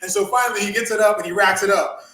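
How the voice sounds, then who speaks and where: Pretty high-voiced guy telling wild stories, cursing, laughing, roomy echo. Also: very fast, a little hiss or hum. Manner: animated, profane, laughs often, acts out quotes. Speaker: podcast host and former wrestler. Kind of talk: casual storytelling chat.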